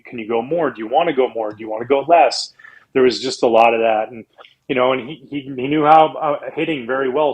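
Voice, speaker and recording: Animated storytelling man from Canada. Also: highs cut off. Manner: animated storyteller, acts out quotes in a high voice. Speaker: guest, former pitcher. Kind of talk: casual storytelling interview.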